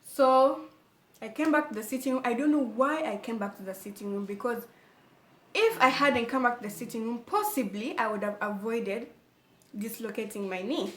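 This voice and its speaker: A young woman, telling a storytime vlog in an animated way and often calling her viewers "guys". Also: fairly high pitch, normal speed. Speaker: vlogger. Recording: echoey room.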